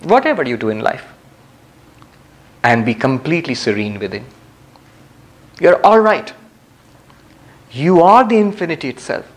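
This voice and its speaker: A man gives a spiritual lecture to a live audience, his voice sitting a little high for a man. He speaks calmly and reflectively, letting long pauses settle between phrases and slipping in gentle humor. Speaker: spiritual teacher. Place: community center hall with live audience.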